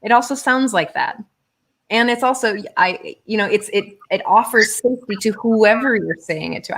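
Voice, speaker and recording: A woman's voice: medium pitch, normal speed, slight background noise. A woman co-hosting a conversation, speaking earnestly, searching for words and laughing easily. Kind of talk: casual conversation.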